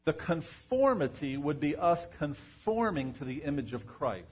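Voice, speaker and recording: A man's voice: a little high, sing-song, a little slow, slightly rough. A man preaching to a congregation, asking them questions in a conversational way. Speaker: pastor. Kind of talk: sermon. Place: church before a congregation.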